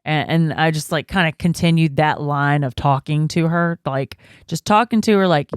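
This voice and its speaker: A woman's voice: deep voice, measured pace, few pauses, clear, resonant tone, no echo, studio quality. A woman in her thirties co-hosting a podcast, telling stories in casual chat with lots of fillers and laughter. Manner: storytelling, laughs often, many fillers. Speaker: podcast co-host.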